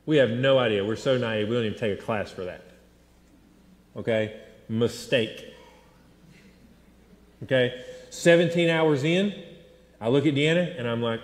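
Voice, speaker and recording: A man in his thirties preaching a sermon, telling stories with animated swings between loud and hushed delivery. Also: mid-range voice, a little slow, long pauses. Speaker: pastor. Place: large church sanctuary. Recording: echoey hall with long reverb.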